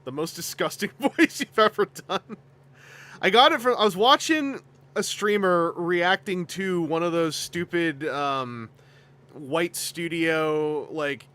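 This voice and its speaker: A man's voice: a little high, fairly bright tone. A man chatting casually on a livestream as host, rambling with lots of asides and frequent laughter. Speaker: toy collecting streamer.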